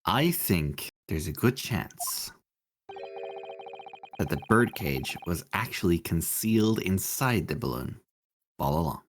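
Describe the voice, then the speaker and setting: Give me someone reading as an earnest young defense lawyer with a low, lively voice. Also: takes it slowly, pauses often, slight background noise, exaggerated voice. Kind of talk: casual fan reading of game lines.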